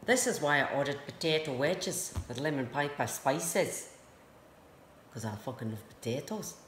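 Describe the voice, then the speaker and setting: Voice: medium pitch, animated, a little slow, fairly bright tone. A vlogger putting on a jolly, sing-song stage-Irish accent to play a potato lover, recorded in a roomy space. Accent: put-on Irish. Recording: roomy echo, faint noise.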